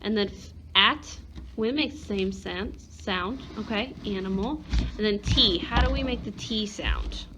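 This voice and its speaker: A woman's voice: medium pitch, lively intonation, unhurried, noisy background. A woman teacher giving a one-on-one phonics lesson, patiently sounding out letters and words.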